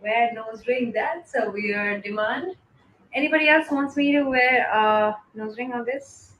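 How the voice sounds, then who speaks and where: A woman, chatting casually on a live stream. She greets viewers by name, blows kisses and gives soft, encouraging pep talks. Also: fairly high pitch, unhurried, lo-fi sound, a little hiss or hum. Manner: switches between English and Hindi.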